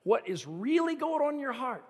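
A man's voice: extremely high pitch, big pitch swings, moderate pace. A middle-aged man preaching a sermon as pastor, telling stories earnestly and building to emphatic, repeated appeals. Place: church sanctuary. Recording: long reverb of a large hall.

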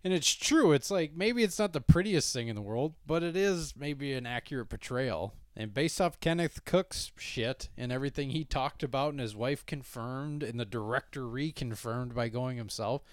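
A man's voice: medium pitch, normal speed, hardly any pauses, no echo. Blunt, swearing podcast co-host man. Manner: blunt, profane, animated storytelling. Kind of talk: casual chat.

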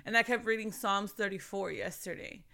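Thirties woman, podcast host, casual and animated faith talk, bright and forceful. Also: medium pitch, moderate pace, gravelly. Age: 30s. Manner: animated, chatty, addresses listeners as sis.

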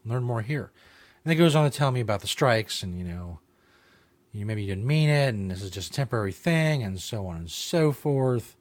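A man's voice: mid-range voice, animated, moderate pace. Guy hosting his own show, rambling and swearing, lots of ums and restarts. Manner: rambling, profane, with many fillers and restarts. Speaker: show host. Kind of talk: casual podcast monologue.

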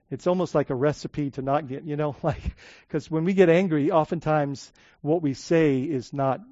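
A man's voice: no room sound, dull audio. Restless, conversational male preacher. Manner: conversational preaching with many restarts and "right?" asides; swings from loud emphatic to soft and low. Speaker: pastor. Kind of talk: sermon.

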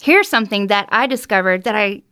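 A woman's voice: mid-range voice, expressive, fairly quick, sharp tone, smooth. A woman hosting a casual podcast and telling a story. She is candid and giggly, and she often pokes fun at herself as she goes. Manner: giggly, candid, self-deprecating. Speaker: podcast host.

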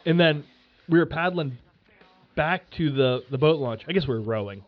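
A podcast host spinning a casual story, animated and swearing freely with lots of fillers. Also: male voice, a little high, normal speed, dull audio.

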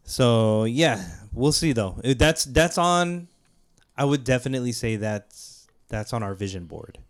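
A man's voice: mid-range voice, measured pace. Laid-back male podcast co-host. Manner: relaxed, rambling, repeats himself. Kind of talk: casual chat.

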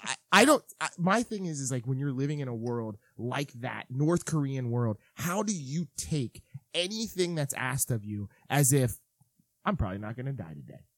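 A man co-hosting a podcast in casual chat, rambling with halting restarts. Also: mid-range voice, animated, a bit bright, no room sound. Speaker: podcast co-host.

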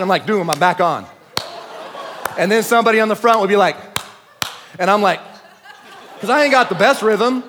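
A man preaching a sermon at a church service, talking in casual slang and swinging between shouting and quiet asides. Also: high voice, a little hiss or hum. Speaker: pastor. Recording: long church hall reverb.

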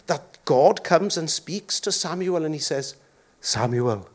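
A man's voice: a little high, measured pace. A man preaching a sermon as pastor, joking and acting out voices along the way. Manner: jokey, animated, acts out voices.

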